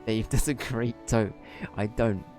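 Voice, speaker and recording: Man chatting on a game stream, laid-back and self-mocking, warm tone. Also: fairly low pitch, fairly even intonation, unhurried, faint music behind. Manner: giggly, self-deprecating, chatting with viewers. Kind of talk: live game stream chat.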